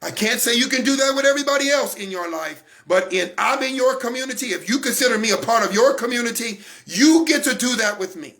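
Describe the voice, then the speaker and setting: A man in his forties hosting a weekly faith-based talk, speaking with fervor, repeating phrases for emphasis and rising to shouts. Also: very high voice, lively intonation, fast, few pauses. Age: 40s. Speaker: host of a weekly online talk broadcast.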